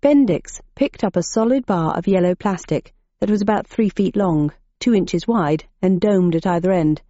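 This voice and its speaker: A woman reading a novel aloud as a narrator, in a dry, measured manner. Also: medium pitch, mellow, dry recording. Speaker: audiobook narrator. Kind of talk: scripted narration. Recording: dull muffled audiobook recording.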